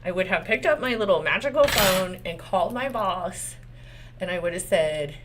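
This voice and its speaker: A Texan woman lawyer talks through a case in loose, casual commentary, cursing freely and tossing out rhetorical questions. Her animated voice swings widely in pitch at a moderate pace, with a faint hiss under the recording.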